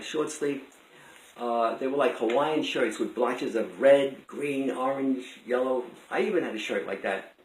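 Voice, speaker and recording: An older man telling a personal story out loud in a rambling, conversational way with many restarts. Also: on the high side, slight background noise. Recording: roomy echo.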